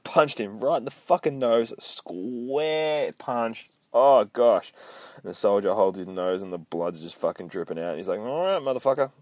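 A man's voice: on the low side, measured pace, no room sound. A man hosting a casual comic book recap podcast, rambling, swearing a lot and mocking himself. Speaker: podcast host.

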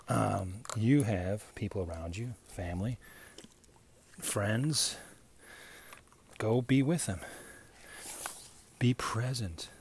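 A man's voice: deep voice, a little hiss or hum. A man hosting a solo podcast, rambling in a dry, sarcastic way with frequent restarts. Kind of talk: casual rambling podcast monologue. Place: at home.

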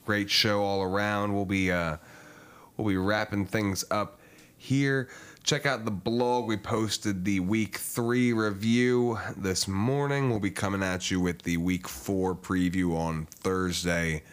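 A man hosting a sports podcast in a relaxed, joking manner, wrapping up the episode. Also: fairly low pitch, slow pace, smooth. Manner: loose, joking, wraps up the show. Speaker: podcast host. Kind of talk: casual chat.

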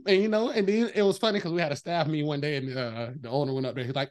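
A man with a notably high speaking voice tells stories in a loose, casual chat. He is animated and emphatic, swears freely, and keeps slipping into little voices whenever he quotes someone. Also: quick pace, hardly any pauses. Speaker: veterinary technician guest.

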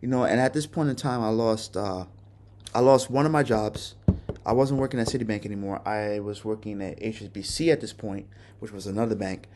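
A man's voice: fairly low pitch, brisk, a little mellow, a little hiss or hum. A man hosting a podcast, telling a personal story in a candid, casual way and cursing often. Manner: candid, profane, conversational. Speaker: podcast host.

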